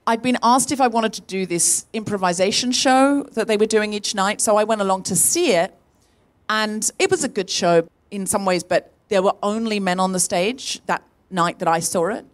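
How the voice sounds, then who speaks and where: This is a woman in middle age hosting a comedy podcast in front of a live crowd. She tells stories in a conversational way and acts out the other people in them, her voice jumping sharply upward for each one. Her normal speaking pitch sits in the middle range. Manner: animated, jumps up in pitch to act out quoted voices. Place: tent venue with a live audience.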